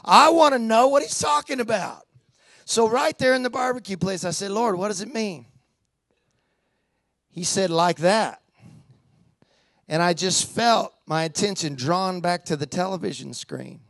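High-voiced animated male preacher. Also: normal speed, gravelly, no echo. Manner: animated, conversational, lots of call-and-response. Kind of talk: storytelling sermon.

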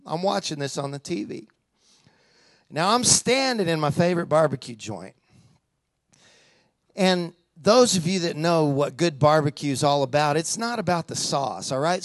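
A man's voice: fairly high pitch, a bit bright, no room sound. A man preaching a sermon in a conversational storytelling way, drawing the congregation in with questions and call-and-response.

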